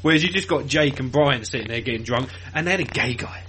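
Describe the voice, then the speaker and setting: A man's voice: mid-range voice, quick pace, fairly bright tone, a little hiss or hum. A man co-hosting a podcast in casual banter, swearing, laughing often and mumbling. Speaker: podcast co-host.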